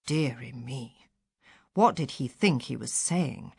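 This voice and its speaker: A woman reading a first-person short story aloud with a wry, expressive delivery. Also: rumbling low, slow, vocal fry, breathy edge, no echo. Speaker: audiobook reader.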